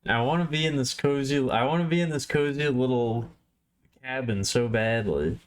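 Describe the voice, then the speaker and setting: A male streamer talks casually while drawing, answering his chat. His delivery is mumbling and self-deprecating, at an everyday mid pitch. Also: moderate pace, clean tone.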